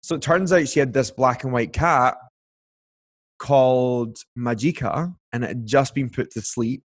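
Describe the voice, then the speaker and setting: Speaking at a measured pace in a medium-pitched voice, this young guest spins a lengthy personal tale during a relaxed conversation. He fills it with filler words, stays chatty, and performs the voices of the people he quotes.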